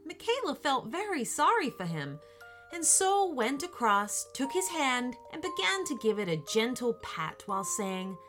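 A woman reading a children's story aloud in a gentle, expressive way, with faint music behind her. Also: sits high, measured pace. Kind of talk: scripted children's story narration.

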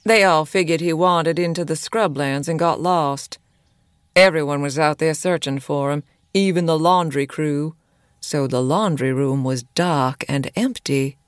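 Slow, low-voiced woman telling horror. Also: dry recording, clean studio sound. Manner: slow, measured storytelling. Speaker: guest narrator. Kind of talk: dramatic horror narration.

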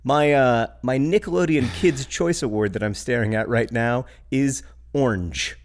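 A middle-aged man with a Midwestern US accent, co-hosting a podcast in relaxed conversation. His voice sits at an ordinary middle pitch. He jokes drily and doubles back on half-finished sentences. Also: moderate pace. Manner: wry, joking, trailing restarts. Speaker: podcast co-host. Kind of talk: casual comedic chat.

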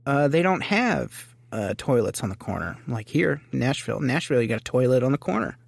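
Gravelly New man, crude joker. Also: mid-range voice, a little fast, no room sound. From New York City. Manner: crude, joking, excitable. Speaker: podcast co-host. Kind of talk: casual comedy chat.

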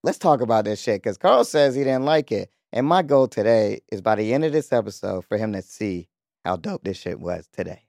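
A man talks loosely and eagerly on a podcast, full of slang. His voice sits low with a gravelly edge. The mic is close and the sound is dry. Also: expressive, brisk, a little mellow, no echo. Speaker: podcast co-host. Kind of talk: casual chat.

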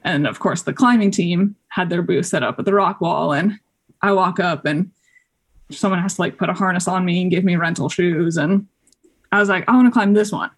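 A young woman from Colorado talks casually as a podcast guest, her voice gravelly with vocal fry and a husky edge. She rambles through her stories with plenty of fillers and now and then acts out what others said. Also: lowish voice, moderate pace. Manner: chatty, many fillers, acts out quoted voices. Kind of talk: casual interview chat.

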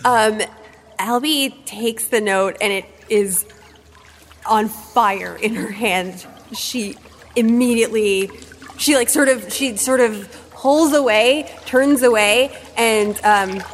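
A woman's voice: a little high, slow, in a large hall, a little hiss or hum. A woman playing a tabletop game, hesitant and describing her character's actions. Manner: hesitant, with many fillers. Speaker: player.

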